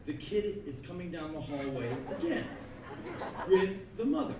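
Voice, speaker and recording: A man telling comic stories live on stage before an audience, animated and given to sudden yelling and acted-out screams. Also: fairly high pitch, a little slow. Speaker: spoken-word performer. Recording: echoey club heard from far off, with crowd and noise.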